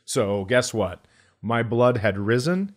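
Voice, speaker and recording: A middle-aged man from Minnesota, a comedian telling a story in casual podcast chat, breaking into loud exclamations. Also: medium pitch, takes it slowly. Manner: animated, jumps into loud exclamations.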